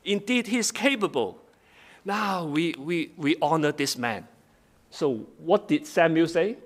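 A man's voice: fairly high pitch, animated, slow pace. A man giving a sermon, reading Bible verses aloud and then explaining them in plain, simple words with frequent restarts. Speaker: preacher. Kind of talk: sermon, Bible study exposition.

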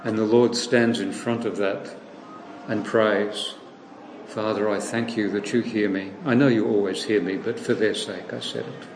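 A man's voice: fairly low pitch, steady tone, unhurried, slight background noise. Storytelling male preacher in an echoey hall. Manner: storytelling, acts out quoted voices. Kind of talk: sermon.

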